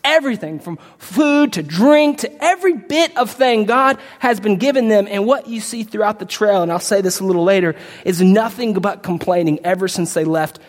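A man's voice: high-pitched, lively intonation, moderate pace, hardly any pauses. A man preaching a sermon, reading scripture and explaining it in an emphatic, conversational way. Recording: long reverb of a large hall.

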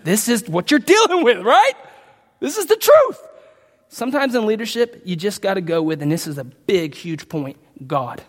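A man preaching a sermon as pastor, emphatic, with loud outbursts and quiet asides. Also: high-pitched, lively intonation, moderate pace, few pauses. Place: church sanctuary. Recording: long hall reverb.

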